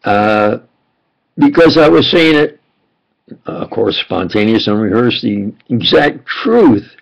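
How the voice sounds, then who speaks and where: Gravelly older man rambling on. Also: medium pitch, animated, slow, dull audio. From United States. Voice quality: gravelly, husky. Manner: meandering, with frequent fillers and restarts. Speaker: self-styled preacher recounting memories. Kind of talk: rambling spontaneous monologue.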